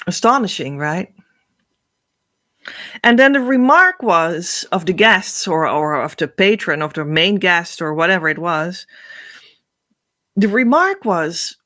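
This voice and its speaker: Slow, rambling woman spiritual host. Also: mid-range voice, a bit bright. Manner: rambling, searching for words, often restarting; emotional and earnest. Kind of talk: spiritual storytelling monologue.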